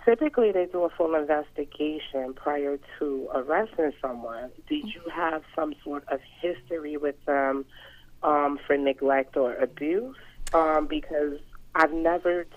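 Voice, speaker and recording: A woman's voice: low-pitched, unhurried. Hesitant woman caller on a muffled line. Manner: hesitant, many "um"s. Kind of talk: call-in question. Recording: muffled phone call-in.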